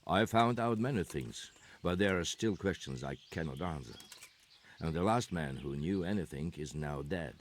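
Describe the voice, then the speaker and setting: Tight-lipped game soldier, super deep voice, formal stiff way of talking. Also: male voice, animated, slight background noise. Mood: guarded. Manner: measured, formal, stiff old-fashioned phrasing. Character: guarded middle-aged soldier, formal and secretive. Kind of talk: video game dialogue.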